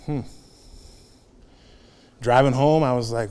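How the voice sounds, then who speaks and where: A man's voice: medium pitch, normal speed, a little mellow. A man in his thirties giving a candid, confessional talk as a guest speaker at a men's group, telling his own story with frequent restarts. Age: 30s. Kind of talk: personal testimony talk.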